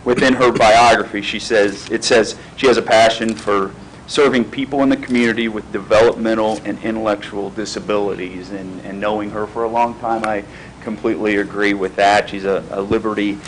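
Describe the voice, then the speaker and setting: A man at a school board meeting introducing a guest speaker, halting with frequent fillers. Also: fairly low pitch, fairly even intonation, a little hiss or hum, rough recording. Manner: halting, many fillers and restarts. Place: meeting room.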